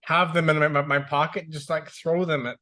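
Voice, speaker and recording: A man's voice: fairly high pitch, little pitch movement, fairly quick, sharp tone. Easygoing male podcast host. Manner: easygoing, laughs and backchannels often. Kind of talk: casual chat.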